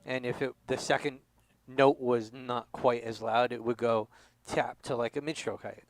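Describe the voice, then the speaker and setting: A man giving a drum lesson, explaining stroke types and counting beats out loud. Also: medium pitch, fairly even intonation, normal speed, over music, rough recording. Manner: explanatory, counts aloud with accents. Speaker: drum instructor. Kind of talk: demonstration lesson.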